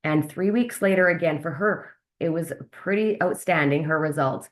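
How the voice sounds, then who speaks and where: Brief: woman host on a video call, lower-pitched, upbeat, chatty, talks straight to viewers. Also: moderate pace. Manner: upbeat, chatty, questions the audience directly. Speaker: host of a wellness sales webinar. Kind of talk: live video call presentation.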